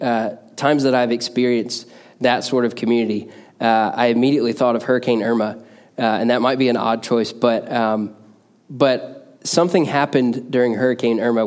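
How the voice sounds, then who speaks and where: A man's voice: mid-range voice, darkish tone. A man giving a sermon in a conversational way, with many "uh" fillers and restarts. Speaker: preacher.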